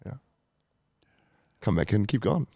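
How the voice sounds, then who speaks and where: A man's voice: lowish voice, sing-song, normal speed, gravelly, warm tone, slightly rough, no room sound. A man, a guest telling a candid personal story, emotional, swearing often and using many fillers. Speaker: guest entrepreneur.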